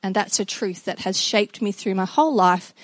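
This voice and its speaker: A middle-aged woman giving a personal devotional talk to children and a congregation, earnest and reflective, with halting restarts. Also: mid-range voice, no room sound. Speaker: speaker addressing children and congregation.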